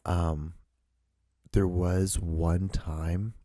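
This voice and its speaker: A man's voice: deep voice, flat delivery, very slow, mellow, no room sound, clean studio sound. A young man hosting a solo podcast, rambling casually and swearing a lot between fillers. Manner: rambling and profane, full of fillers. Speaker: podcast host.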